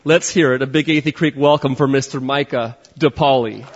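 A man's voice: medium pitch, fairly even intonation, brisk, slight background noise. A man hosting at church, giving an upbeat stage introduction of the next speaker. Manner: upbeat, hyping the guest. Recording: echoey hall, dull sound.

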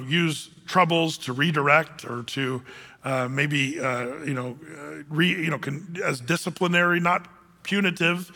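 A man in middle age teaches from the Bible in an easy, conversational way, stumbling through restarts and fillers. His voice sits a little high and comes through bright and forceful. A long reverb from a large hall trails behind every phrase. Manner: conversational, many fillers and restarts, acts out scripture quotes. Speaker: pastor.

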